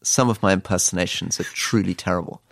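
British guy with a low fry-tinged voice, wry dry humor, answering interview questions. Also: fairly even intonation, fast talker, no room sound. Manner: dry, wry storytelling with quoted asides. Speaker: guest author, former politician.

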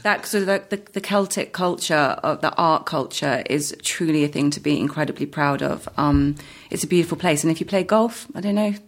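A woman's voice: low voice, brisk. A woman, an actor, chatting in an interview, hesitant with many fillers and restarts, laughing often. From Britain. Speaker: actor guest. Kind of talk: casual interview chat.

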